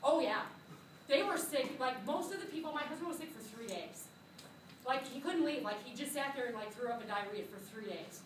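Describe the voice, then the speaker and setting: A woman microbiology teacher telling a funny story to her class, animated and laughing as she acts out what people said. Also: high voice, a little fast, noisy background. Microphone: phone camera from a student's seat. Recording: echoey classroom filmed from far off.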